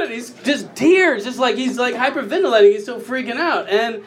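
A man in his thirties doing a stand-up comedy set, telling stories through laughter and squealing out the quoted lines. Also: moderate pace. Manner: laughing storyteller, acts out quotes with sudden high squeals. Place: comedy club stage with live audience. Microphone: handheld microphone. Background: crowd laughing.

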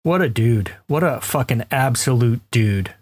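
A man's voice: mid-range voice, lively intonation, unhurried, husky, dry recording. Chatty man telling stories with laughs. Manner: laughing, rambling storyteller. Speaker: podcast co-host. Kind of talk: casual chat.

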